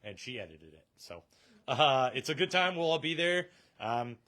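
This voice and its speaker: Chatty joking comic shop host. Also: male voice, medium pitch, sing-song, moderate pace, bright, forceful tone. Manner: chatty, joking, laughs often. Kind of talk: casual live-stream chat.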